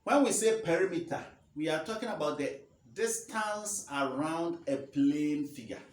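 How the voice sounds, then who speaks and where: Slow man teaching math. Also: a little high, animated, recorded from a distance, slight background noise. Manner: slow, repeats phrases for emphasis. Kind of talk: classroom math lesson. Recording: roomy echo, faint ambience.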